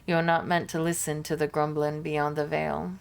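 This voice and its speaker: A woman's voice: sits low, level tone, normal speed, creaky, smooth. A woman doing a weary psychic with an accent. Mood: wistful. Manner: put-on accent, wistful and emotional. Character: weary, sentimental female psychic companion.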